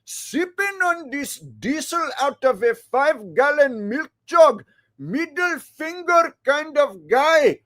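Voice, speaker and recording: A crude, boastful hillbilly rapper with a thick Indian accent, as a man puts him on, pitched well above his normal voice. He draws out each line in a slow, half-sung rap delivery. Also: animated, a bit bright, full character voice.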